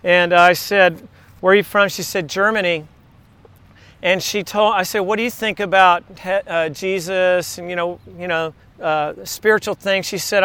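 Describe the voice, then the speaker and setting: A man's voice: sits high, sharp tone, clean tone, no echo. A man preaching a sermon in a conversational way, telling stories and asking rhetorical questions. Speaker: pastor.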